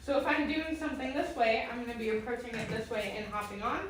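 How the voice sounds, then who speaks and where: Giggly high-voiced woman teaching skating. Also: fast talker. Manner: chatty, giggly, talks to her dog in a high coaxing voice. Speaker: roller skate instructor. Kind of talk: live-streamed skating lesson. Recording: very echoey, far from the mic, faint noise.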